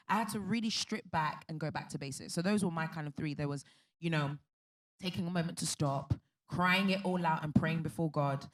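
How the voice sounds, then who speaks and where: A woman with a somewhat low voice speaks on a conference panel. She tells her own story candidly, in an earnest and emphatic way. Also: a little fast. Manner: earnest, emphatic, faith-filled.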